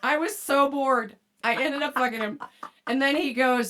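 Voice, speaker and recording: A woman's voice: fairly high pitch, normal speed, fairly bright tone. A woman hosting a podcast, telling a profane story in casual chat and laughing often. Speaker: podcast host.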